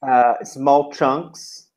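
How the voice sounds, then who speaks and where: A man giving feedback to a trainee teacher, modeling classroom instructions in short, deliberate chunks. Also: medium pitch, fairly even intonation, darkish tone.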